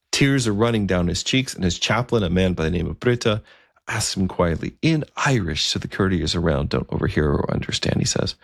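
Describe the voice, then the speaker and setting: A man retells a story in a conversational, vivid way. His voice is very deep, with a gravelly fry. The sound is dry and close to the microphone. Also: no room sound. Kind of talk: storytelling narration.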